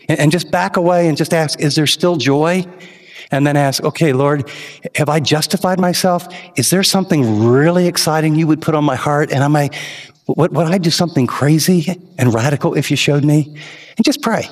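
Pastor guy preaching, kinda high voice, echoey big church hall. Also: brisk. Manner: impassioned, rising to sudden emphatic questions. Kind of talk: sermon. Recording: long hall reverb.

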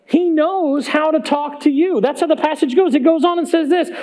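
A pastor preaches a sermon in a church sanctuary, speaking conversationally to the congregation and pressing his points with emphatic rhetorical questions. His voice is extremely high-pitched and a little mellow, delivered at a moderate pace.

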